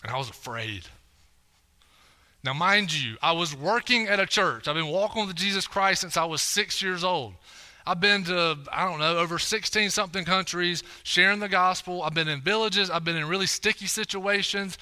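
Young male preacher, casual storyteller, tags lines with "right?", piercingly bright tone. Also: high voice, moderate pace. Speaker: preacher at a church. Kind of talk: sermon with a personal story. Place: church auditorium stage.

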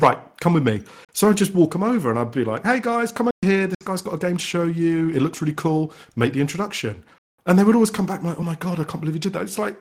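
A man being interviewed on a podcast, talking with lively enthusiasm. He rambles, often restarts his sentences, and keeps coming back to encourage other developers. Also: mid-range voice. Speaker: indie game developer guest.

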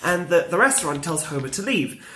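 Animated storyteller in casual chat. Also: a little fast, slight background noise. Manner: animated retelling, acts out quoted lines with shifts in pitch. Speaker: podcast co-host.

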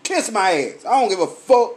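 A high-pitched man, a little drunk and sweating, rants in a comedic style and swears at almost every word. He keeps mimicking the people who pester him with questions, with a lot of energy. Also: sing-song, moderate pace. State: tipsy, sweating. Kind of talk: profane comedic rant. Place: lively night venue with drinks.

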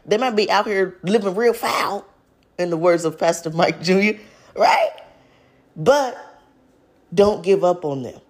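A woman's voice: on the low side, a little mellow. A woman in her twenties speaking to viewers in a casual, earnest faith talk, often addressing them as y'all. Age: 20s. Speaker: vlogger.

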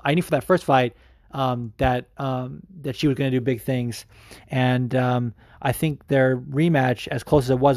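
A man hosting a podcast, talking casually in a rambling, excitable way with plenty of fillers and swearing. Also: mid-range voice, no room sound, studio quality. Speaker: podcast host. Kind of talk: casual chat.

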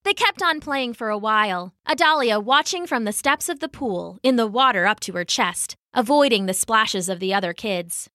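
A woman reads a children's story aloud in a bright, clear voice that moves up and down with lots of life. Her delivery is expressive and storyteller-like, and the recording is close and dry. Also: on the high side, moderate pace, hardly any pauses, no echo. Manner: warm, expressive read-aloud.

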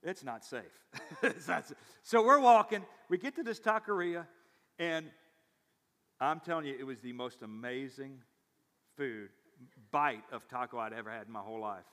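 A male pastor preaching a sermon, telling stories and swinging between loud emphatic bursts and quiet asides. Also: mid-range voice, moderate pace, long pauses. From South Louisiana. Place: church sanctuary. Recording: reverberant church hall.

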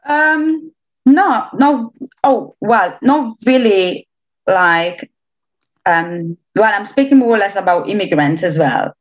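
A woman's voice: medium pitch, expressive, slow. Chatty young woman from Romania. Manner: chatty, hesitant restarts, laughs often. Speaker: interviewee. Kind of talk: casual interview chat. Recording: slightly dull lo-fi sound.

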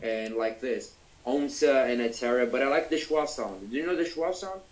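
A man's voice: mid-range voice, normal speed, rough recording. A man speaking English as a second language in casual chat, often repeating words while he searches for phrasing. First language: not English. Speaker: English learner in conversation.

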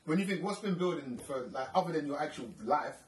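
A fast-talking man, chatting casually about films and football with friends. He is heard a little off the mic in an echoey room. His talk is loose and slangy, and he often repeats his points. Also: on the high side, lively intonation, recorded from a distance. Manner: laid-back slang, repeats himself. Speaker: podcast co-host. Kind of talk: casual chat.

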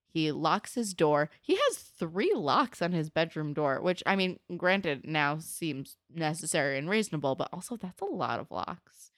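A young woman with a low voice chats through a TV episode recap. She slips into quick put-on voices for the characters' lines. The sound is close and dry. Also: dry recording. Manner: animated retelling, acting out characters' lines in quoted voices. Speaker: podcast co-host. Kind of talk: casual chat recapping a TV episode.

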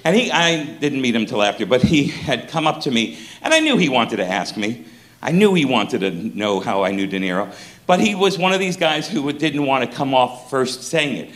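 A middle-aged male stand-up comedian telling a story on stage, animated and profane. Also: medium pitch, moderate pace.

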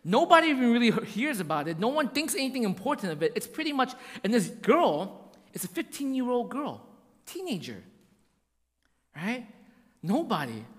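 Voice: mid-range voice, big pitch swings, moderate pace. A preacher giving a conversational sermon, with slangy asides and frequent check-ins with the listeners. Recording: long hall reverb.

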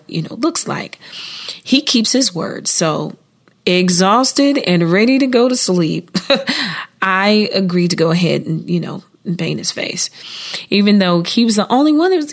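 Woman doing a chatty devotional podcast, earnest, mid-pitched voice, laughs a lot and jumps up high now and then. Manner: earnest and conversational, with sudden rises in pitch; often laughs and restarts phrases. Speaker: podcast host and devotional speaker. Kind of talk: informal devotional talk.

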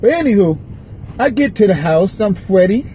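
A man's voice: sits high, expressive, moderate pace, dark tone, slight background noise, rough recording. A man hosting a podcast, rambling and cursing as he vents from his parked car. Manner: profane, restless, venting. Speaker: podcast host. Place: parked car in a parking lot.

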